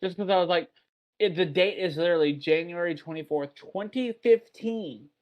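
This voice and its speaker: A man's voice: sits high, moderate pace, dull audio. Chatty rambling podcast host man. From Texas. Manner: chatty, rambling, swears casually. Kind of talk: casual chat.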